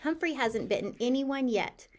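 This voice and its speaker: A woman's voice: sits high, lively intonation, moderate pace. A woman doing a patient schoolteacher. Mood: gentle.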